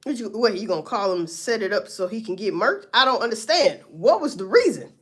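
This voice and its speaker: A woman's voice: medium pitch, sing-song, brisk, slightly rough. A woman doing casual livestream commentary, blunt and profane as she talks through a story. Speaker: livestream host.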